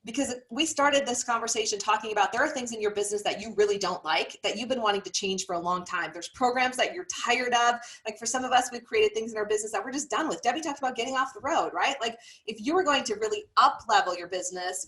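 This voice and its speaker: A woman's voice: fairly high pitch, fast talker, few pauses, fairly bright tone. Motivational woman coach asking the audience questions. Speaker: business coach and author. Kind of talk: casual business chat.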